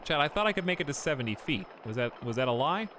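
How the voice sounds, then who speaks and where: Lively, excitable male game streamer. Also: on the high side, quick pace, a little hiss or hum. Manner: excitable, reacting aloud and bantering with chat. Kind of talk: live game-stream commentary.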